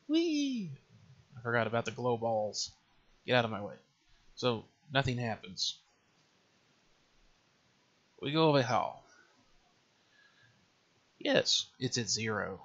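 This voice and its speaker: A man's voice: medium pitch, a little slow, long pauses, a bit bright. A man hosting a casual game development tutorial, thinking aloud and muttering to himself as he works through menus at his computer. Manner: thinking aloud, mumbling to himself while working. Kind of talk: casual screen-recorded tutorial. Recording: slightly dull lo-fi recording.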